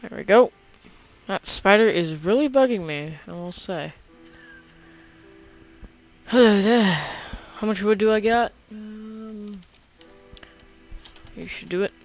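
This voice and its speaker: A woman's voice: mid-range voice, measured pace, faint music behind. A woman giving casual, chatty commentary as she plays a video game and talks to herself. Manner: relaxed, chatty, talks to herself while playing. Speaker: gameplay video host.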